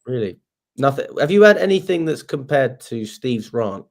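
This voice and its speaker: A man's voice: medium pitch, sing-song, normal speed. A young man, hosting a casual fan livestream, chatty and swearing freely. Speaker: fan channel host.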